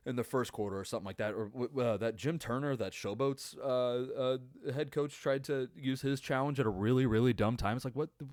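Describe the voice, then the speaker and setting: A man's voice: mid-range voice, darkish tone, no room sound, clean studio sound. A man hosting a podcast, reacting to a game in a casual, profane, rambling rant full of exasperation. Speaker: podcast host.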